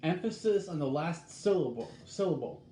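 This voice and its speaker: A man in casual talk, reading a recipe aloud and musing in a halting way as he thinks out loud. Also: on the high side, expressive. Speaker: host. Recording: echoey room with faint background noise.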